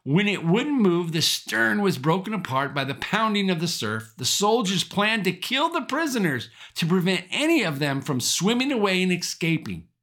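A male pastor delivering a sermon in a high, bright register. His pitch swings widely as he drives home repeated encouragements. The delivery is emphatic, with the odd chuckle along the way. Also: sing-song, normal speed, few pauses. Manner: emphatic, repeating rallying phrases.

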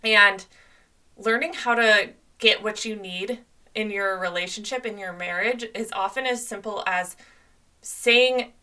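Young woman podcast host, chatty earnest advice, sharp bright voice, sounds a little far from the mic. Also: mid-range voice, unhurried. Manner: earnest, conversational, many "like"s. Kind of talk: solo podcast advice talk.

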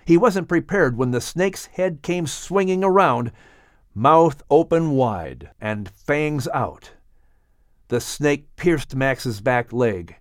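A man narrating a dramatic audiobook story on a studio mic in an expressive, unhurried way. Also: mid-range voice, dry recording.

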